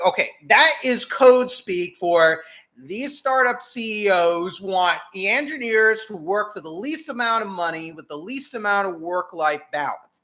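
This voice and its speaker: Angry high-voiced man ranting. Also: pushed and bright. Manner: indignant, swearing, emphatic. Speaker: political commentary host. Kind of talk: angry political rant.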